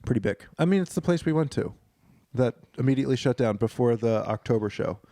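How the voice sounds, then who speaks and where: A man's voice: mid-range voice, lively intonation, fast talker, mellow, dry recording, clean studio sound. A man co-hosting a podcast, chatting casually, rambling and swearing with the odd silly put-on voice. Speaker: podcast co-host.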